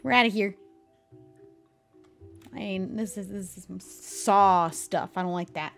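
A woman streamer giving let's play commentary, excitable, often gasping and shrieking. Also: medium pitch, measured pace, vocal fry, faint music behind. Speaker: gaming streamer.

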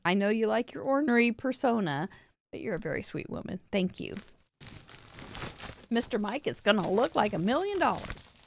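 A woman with a fairly high, gravelly voice hosts a live crafting show, chatting casually and warmly as she opens viewer mail. She laughs often and yawns after a long day, over a faint hiss or hum.

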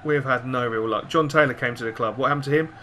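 A man commentates live on his own match with a bright, forceful voice. He is exasperated, swears freely and yells at his players. There is a faint hiss behind him. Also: mid-range voice, fast. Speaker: gaming commentator.

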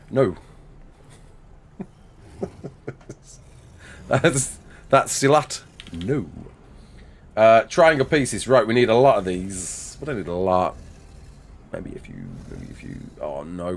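A man's voice: medium pitch, very animated, slow, pauses often. A man streaming a game live, chatting and joking with viewers, laughing often, on a headset mic. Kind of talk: live gameplay chat.

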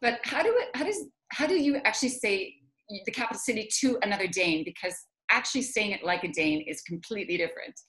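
A woman's voice: medium pitch, animated, fast, a bit bright. A woman from Canada, an author asking questions on a video call in an enthusiastic, chatty way. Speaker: author and interviewer. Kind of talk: casual video call chat.

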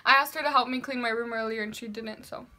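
A young woman talks through a Q&A vlog, loud and sassy. Her voice sits a little high. It has a bright, sharp edge. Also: fairly even intonation, fast, slight background noise. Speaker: vlogger. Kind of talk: casual Q&A vlog.

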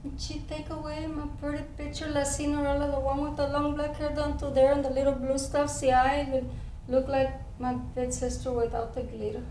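A woman's voice: high-pitched, flat delivery, fairly quick, warm tone, natural voice. A woman acting out an eager, chatty first-grade girl in a one-woman stage show, speaking childlike English with a San Antonio Spanish-influenced accent and slipping into Spanish. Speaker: stage performer. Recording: roomy stage sound from far off with faint hiss.

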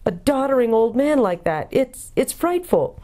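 A woman's voice: fairly high pitch, big pitch swings, normal speed, mellow, voice pushed up. A woman voicing a cross, complaining English schoolboy in a storybook reading.

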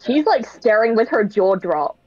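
A woman's voice: a little high, animated, moderate pace, a little mellow, lo-fi sound. A woman playing in a tabletop game, chatty and full of "like". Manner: chatty, lots of "like". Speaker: player.

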